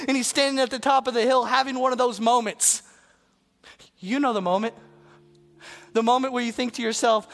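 A preacher giving a dramatic sermon that swings between loud passages and hushed asides, with faint music behind. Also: mid-range voice, fairly even intonation, a little fast, long pauses.

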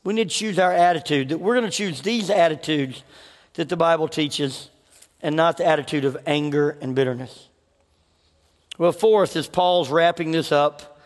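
A man preaching a sermon in a church, telling personal stories in a conversational way with frequent restarts. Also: fairly high pitch. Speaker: pastor. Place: church hall. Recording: reverberant hall.

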